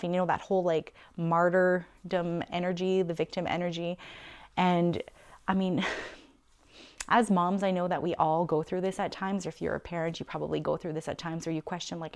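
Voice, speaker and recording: A woman's voice: fairly low pitch, fairly even intonation, moderate pace, vocal fry. A middle-aged woman in a personal confessional vlog, talking candidly and reflectively with fillers and self-deprecating laughs. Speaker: vlogger sharing her story.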